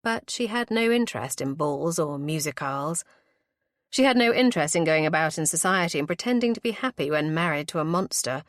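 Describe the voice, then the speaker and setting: Low-voiced woman narrating an audiobook. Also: animated, fairly quick, no room sound, clean studio sound.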